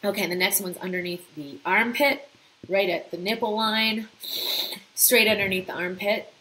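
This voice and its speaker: A middle-aged woman, a doctor, gently leading a tapping exercise with soothing breath cues. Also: medium pitch, moderate pace, background noise. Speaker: doctor teaching mind-body techniques. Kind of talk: guided tapping instruction.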